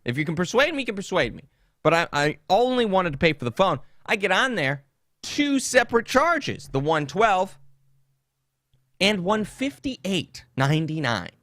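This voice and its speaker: This is a man hosting a casual comedy podcast, venting through a story with a lot of indignation and profanity. His voice sits slightly high and leaps up and down all the time. The sound is close and dry, with no room around it. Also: brisk, dry recording. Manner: animated and indignant, swears freely. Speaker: podcast host.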